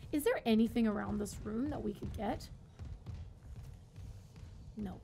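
High pitched lady streamer, freaks out and swears a lot, chats w viewers. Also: unhurried, vocal fry, over music. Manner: excitable, panicky outbursts and swearing; chatty, thanks and talks to viewers. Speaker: game streamer. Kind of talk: live gameplay commentary.

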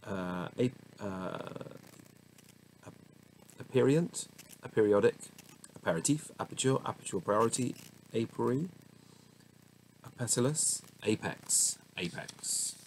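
A man with a fairly low, slightly mellow voice reads dictionary entries a little slowly, pausing often, fumbling pronunciations and muttering to himself. It's a casual word-by-word reading in a low-quality recording with faint background noise.

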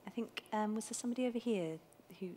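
Female interviewer, mid pitch, polite and giggly, faint noise behind. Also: quick pace, warm tone. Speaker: interviewer chairing the event. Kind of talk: hosting an audience Q&A. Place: festival stage under stage lights.

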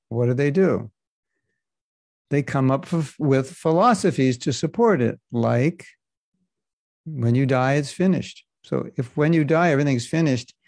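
Man, spiritual teacher, scripture class, casual and joking, dark gravelly voice. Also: mid-range voice, no room sound. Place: class in Florida.

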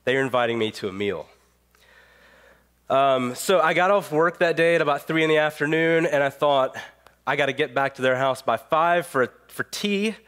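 A man's voice: fairly high pitch, normal speed, smooth. Pastor in his thirties, with a cold. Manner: storytelling, relaxed with fillers. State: has a cold. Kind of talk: sermon. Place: church sanctuary.

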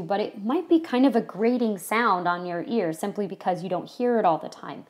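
A woman from California giving a casual history lecture to a class, chatty and full of ums and you-knows. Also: medium pitch. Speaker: history teacher.

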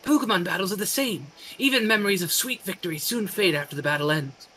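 A let's-play gamer voicing a posh, refined trainer who speaks like an artistic chef, slow and affected. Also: medium pitch, lively intonation, sharp tone, a little hiss or hum, poor audio. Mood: haughty.

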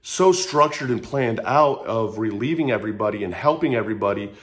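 A man's voice: fairly low pitch, lively intonation, a little fast, a bit bright. A man in his thirties telling a raw personal story in a casual, earnest way, swearing freely and repeating phrases. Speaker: vlogger sharing his story.

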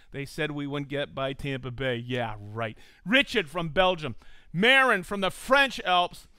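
Speaking unhurriedly in a fairly high, bright, forceful and smooth voice, a man hosts a casual live stream. The recording is dry. He's upbeat, reading viewers' locations aloud and joking with his crew.

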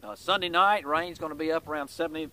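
A man's voice: on the high side, quick pace, sharp tone. A man giving a casual weekly vlog update in a folksy, rambling way, with many "uh" fillers.

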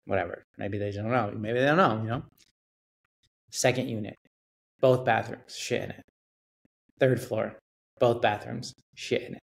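A man guest on a podcast, telling a story in a casual, animated way, swearing and acting out what people said. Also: on the low side, moderate pace, gravelly, long pauses. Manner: animated storyteller, acts out quotes, swears, laughs. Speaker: realtor guest.

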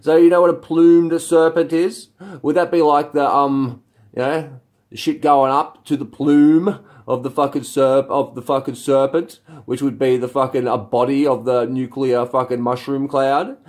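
A man's voice: mid-range voice, flat delivery, moderate pace, a little mellow. A man rambling through a vlog monologue, swearing often and firing rhetorical questions at himself. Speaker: video blogger.

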